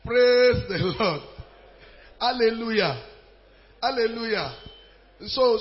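A man preaching a sermon as an evangelist, shouting and chanting in a sing-song way. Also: extremely high pitch, animated, extremely slow, pauses often. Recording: dull lo-fi recording.

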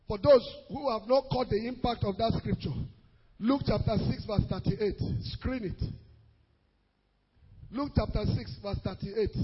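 High, raspy preaching man in a hall. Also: dull audio. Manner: preaching with sung, shouted emphasis. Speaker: pastor. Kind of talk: sermon.

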